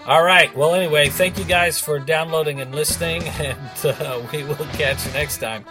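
A man's voice: on the high side, steady tone, moderate pace, music in the background. A man with a Boston accent hosting a casual sports podcast, joking through the sign-off. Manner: jokey, upbeat sign-off banter. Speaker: podcast host.

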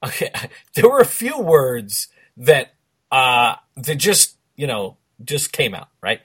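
A man's voice: mid-range voice, very animated, takes it slowly, fairly bright tone, husky. A man in his forties, co-hosting a podcast in teasing, joking banter. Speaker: podcast co-host. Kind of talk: casual chat.

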